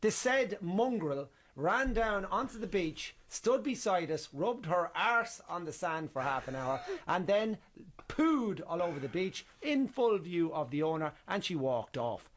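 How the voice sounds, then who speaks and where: An Irish man hosts a breakfast radio show, trading cheeky, crude jokes. His voice sits a little high and swings widely in pitch. He speaks from a radio studio. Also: sing-song, unhurried, a little hiss or hum. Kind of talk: joking breakfast radio banter.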